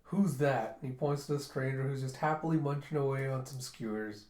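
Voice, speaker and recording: Young dude doing a chatty manga readthrough, roomy echo. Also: male voice, medium pitch, a little fast, a little mellow. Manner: chatty, retells scenes with "he's like". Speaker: comic reviewer. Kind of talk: casual comic readthrough.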